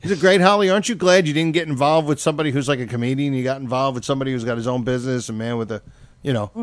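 A man's voice: mid-range voice, rapid-fire, no echo. A man hosting a podcast in casual chat, rambling and self-deprecating, with many fillers and restarts. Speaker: podcast host.

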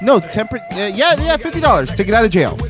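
A man's voice: sits high, very animated, fast talker, over music. A man hosting a casual talk show, cracking crude jokes over the news. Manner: joking, crude wisecracks. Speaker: show host. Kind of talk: casual radio show banter.

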